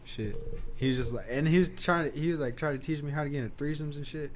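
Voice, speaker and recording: A man's voice: on the high side, quick pace, a little hiss or hum. A young man hosting a podcast, telling loose, profane stories in casual chat and laughing often. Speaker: podcast host.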